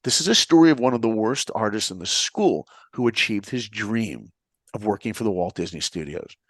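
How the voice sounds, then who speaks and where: A man's voice: on the low side, moderate pace, dry recording. A middle-aged man from New York, telling his own story in a motivational style and acting out the dialogue he recounts. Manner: animated, acts out the dialogue he recounts.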